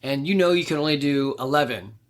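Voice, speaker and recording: Chatty male fitness coach, fairly high voice. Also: expressive, brisk. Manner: conversational, explanatory, with many fillers. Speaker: fitness coach and podcast host. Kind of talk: casual solo podcast talk.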